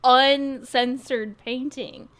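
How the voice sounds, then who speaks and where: Woman podcast co-host, high-pitched, unhurried, excitable, tangent-prone. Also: crowd noise. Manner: enthusiastic, laughs often, goes off on tangents. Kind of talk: casual book discussion.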